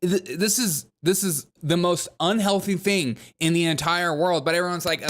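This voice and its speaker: A man with a slightly high, fairly bright voice speaks at a normal pace while hosting a comedy news commentary show. He's sarcastic and mocks the people he covers, putting on whiny voices when quoting them.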